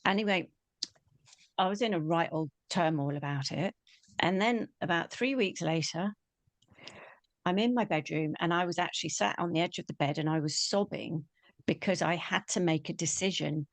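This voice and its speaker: A woman with a fairly low voice tells a personal story in an animated way. She acts out the quoted voices as she goes. The recording is dry and close. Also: normal speed, no echo. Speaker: spiritual teacher.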